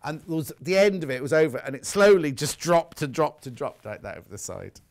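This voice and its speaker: A man's voice: on the high side, sing-song, fairly quick. A middle-aged man presenting fabrics on a live shopping show, chatty and teasing. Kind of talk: live sales presentation with chat.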